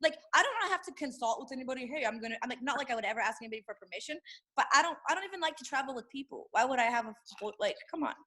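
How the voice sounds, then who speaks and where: A middle-aged woman talks quickly in casual chat, blunt and brash. Her voice is bright and a little high, and she teases freely. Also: lively intonation. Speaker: caller, MMA fighter.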